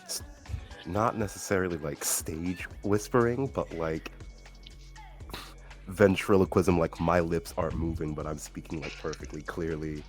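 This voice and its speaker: A man's voice: deep voice, fairly even intonation, a little slow, soft background music. A man playing in a tabletop role-play game, talking casually with lots of hesitation. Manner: hesitant, filler-heavy. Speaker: player. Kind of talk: casual in-character game talk.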